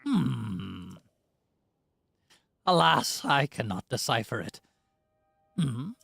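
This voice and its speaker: A man's voice: medium pitch, big pitch swings, drawn-out words, creaky, fairly bright tone, slightly rough, no room sound, soft background music, full character voice. A man voicing a pompous male fish-folk historian in a grandiose, pirate-like reading voice.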